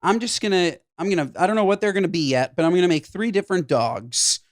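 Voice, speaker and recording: A man co-hosting a podcast in casual chat, talking in an animated, jokey and emphatic way. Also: high-pitched, quick pace, no room sound, clean studio sound. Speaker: podcast co-host.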